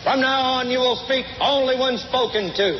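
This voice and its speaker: An actor playing a harsh Marine drill instructor who barks clipped, scornful orders at recruits. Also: male voice, very high-pitched, steady tone, moderate pace, slight background noise. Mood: barking scorn. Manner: barked, clipped, scornful commands. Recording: roomy, dull film clip played over radio.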